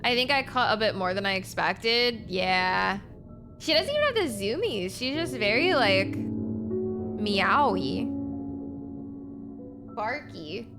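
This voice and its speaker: A young woman streaming a game and chatting casually, often cooing softly to her cat. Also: medium pitch, sing-song, measured pace. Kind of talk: casual chat while gaming. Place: home streaming setup. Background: game music.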